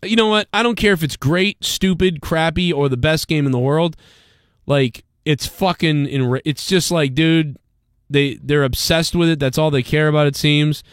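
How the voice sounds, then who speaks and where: A man's voice: fairly high pitch, moderate pace, clear, resonant tone, dry recording, studio quality. A man hosting a livestream, talking bluntly and profanely in rambling casual chat. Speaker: livestream host.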